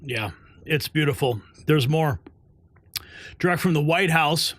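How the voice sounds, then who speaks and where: A male news host with a bright, sharp voice that sits a little high. He speaks in emphatic, promo-like bursts, recorded dry and close. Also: animated, measured pace, no echo. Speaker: show host. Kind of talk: punchy news-show hosting.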